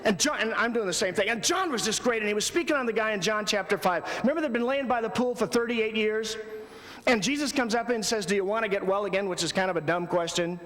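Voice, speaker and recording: Animated man speaking in a reverberant hall. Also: fast. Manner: animated storytelling with loud bursts and quiet lows. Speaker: speaker at a youth ministry convention. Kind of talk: conversational keynote talk. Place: large hall before an audience.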